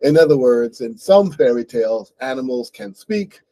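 A man's voice: mid-range voice, lively intonation, moderate pace, creaky, dark tone, no room sound, poor audio. A man with an American accent hosting an English book club, reading a novel aloud and explaining it to learners in a patient way, often checking in with "right?". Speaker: host and English teacher.

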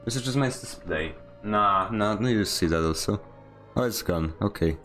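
While streaming a game, a young man rambles and jokes about himself, laughing often. His voice is fairly low and a bit bright, at a moderate pace, with faint music in the background.

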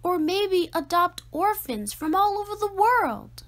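A woman's voice: very high voice, expressive, measured pace, fairly bright tone, pitched above the performer's own voice, full character voice. A woman voicing a strong-willed, dramatic little girl who speaks emphatically. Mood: earnest. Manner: emphatic, indignant questions.

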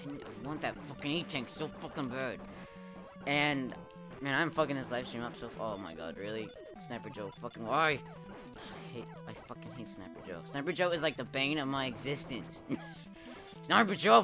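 A young man commenting live on his gameplay, swearing a lot, laughing often and yelling at the game when he fails. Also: medium pitch, normal speed. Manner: profane, excitable, laughs often, shouts at the game. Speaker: streamer playing a retro game. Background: game music.

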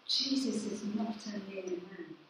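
A woman's voice: medium pitch, measured pace, a bit bright, slight background noise. A woman vicar preaching a sermon, asking the congregation questions and answering them herself, recorded from a distance in a church. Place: large church hall. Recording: echoey church, speaker far from the mic.

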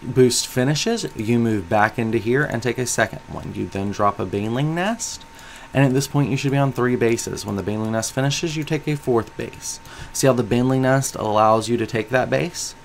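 A man's voice: mid-range voice, gravelly, slight background noise. A man giving analytical commentary on a strategy game, coaching the viewer and asking them questions.

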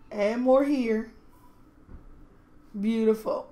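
A woman's voice: on the high side, slow pace, a little mellow. A woman giving casual gameplay commentary, doting and gushing over her toddlers. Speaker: game streamer.

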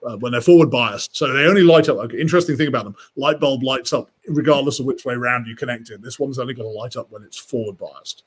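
A man talks through electronics as a guest on a live stream. His voice is husky, in a middle register. He thinks aloud, stopping and restarting his sentences with plenty of fillers. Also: mid-range voice. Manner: thoughtful, halting, many fillers and restarts. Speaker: guest engineer.

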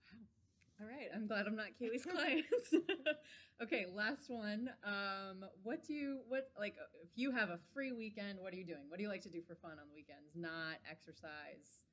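A woman's voice: mid-range voice, moderate pace. A young woman, fitness center staff, asking casual interview questions in a friendly, upbeat way.

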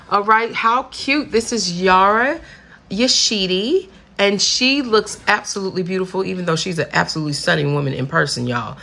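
Showing her purchases in a casual haul video, a woman speaks in a mid-range, fairly bright voice with vocal fry at a moderate pace. She's chatty and gushing, dropping "y'all" again and again.

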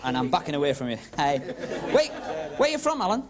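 A man's voice: a little high, huge pitch swings. Cheeky magician teasing his volunteers. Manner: cheeky, teasing banter, quick asides. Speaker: stage magician and comic host. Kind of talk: comic magic patter with audience volunteers. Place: club stage before a live audience. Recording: 1970s TV broadcast with crowd laughter and hiss. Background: audience laughing and murmuring.

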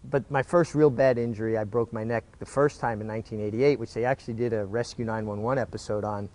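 A man's voice: on the low side, quick pace. New man telling his story. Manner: animated storyteller with frequent restarts. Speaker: former jockey, interview guest. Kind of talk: casual interview storytelling.

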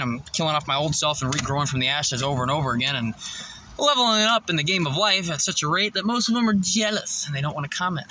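A man's voice: fairly high pitch, noisy background. A man telling a rambling, profane story in a casual vlog, out of breath and laughing often. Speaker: vlogger.

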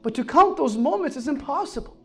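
Earnest sermon from a guy with a really high voice, goes soft then emphatic, bit of music behind. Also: lively intonation, brisk. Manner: earnest storytelling, swinging between soft low passages and raised emphatic ones. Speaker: Islamic preacher.

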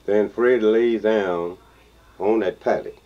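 A man's voice: on the low side, slight background noise. Older Texas man telling a tale, lo-fi. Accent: Texas Southern. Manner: slow, drawling, chuckling storyteller. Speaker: blues songster and storyteller. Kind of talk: folksy spoken storytelling. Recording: dull lo-fi field recording with guitar.

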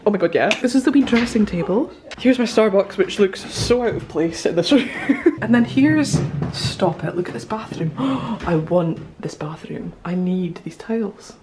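A young woman chatting excitedly to camera in a casual vlog, gushing and giggling as she talks. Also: mid-range voice, normal speed. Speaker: vlogger. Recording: noisy phone vlog audio.

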